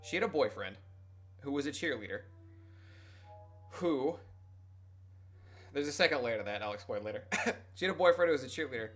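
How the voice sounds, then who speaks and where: A man's voice: medium pitch, lively intonation, brisk, long pauses, a bit bright, soft background music. A young adult man streaming, casually telling a rambling, profane, self-mocking story to his chat.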